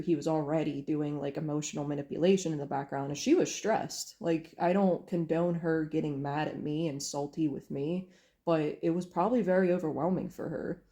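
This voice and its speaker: A young woman speaks in a mellow, slightly low voice. She tells a personal story to camera, candid and earnest, and acts out what others said along the way. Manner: candid, earnest, recounting with quoted dialogue. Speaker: vlogger.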